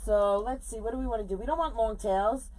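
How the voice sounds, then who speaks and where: A middle-aged woman hosting a live stream, chatting to viewers in a lively, casual way while she makes a wreath bow. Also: fairly high pitch, brisk. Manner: chatty, animated, talks to viewers while working. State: sore legs from standing. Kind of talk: casual chat while crafting on a live video.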